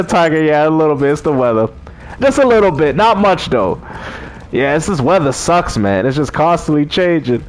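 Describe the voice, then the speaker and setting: A laid-back man hosts a live stream, reading out chat messages and talking casually with viewers. His voice sits a little high and moves up and down a lot. He laughs easily. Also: sing-song, moderate pace, soft background music.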